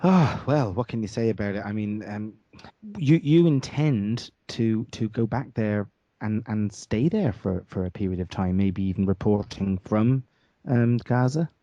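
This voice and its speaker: A male interview host with a fairly low, mellow voice asks questions softly and hesitantly. The audio is dull and lo-fi, and it sounds dry. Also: measured pace, dry recording.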